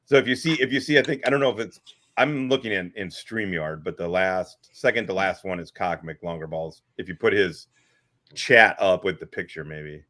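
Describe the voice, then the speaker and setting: A man's voice: lowish voice, sharp tone. A man hosting a live stream in casual chat, crude and combative, swearing freely. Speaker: podcast host.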